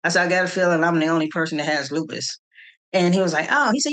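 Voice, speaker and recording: A middle-aged woman from the Kansas City area, telling her story in an interview with animated quoted dialogue and frequent restarts. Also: on the low side, fast. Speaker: interview guest, nonprofit founder.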